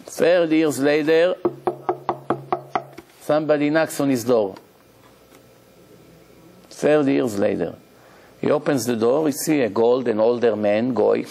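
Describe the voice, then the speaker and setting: A man giving a religious lecture as a rabbi, emphatic and animated, repeating key phrases as he tells stories. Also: mid-range voice, measured pace, creaky, long pauses.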